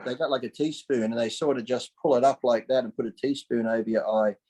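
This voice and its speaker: A man's voice: mid-range voice, quick pace, low-quality recording. A man in his forties, a podcast guest telling stories in casual chat, acting out what people said, swearing freely and laughing often. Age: 40s. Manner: animated, acts out quoted voices, swears freely, laughs often. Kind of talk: casual storytelling.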